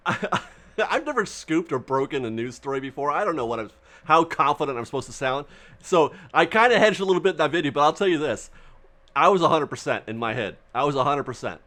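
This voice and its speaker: A man with a somewhat high, bright and forceful voice chats in a casual vlog about theme park news. He rambles, restarts his sentences and laughs often. His delivery is animated throughout. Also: a little fast. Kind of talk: casual excited vlog commentary.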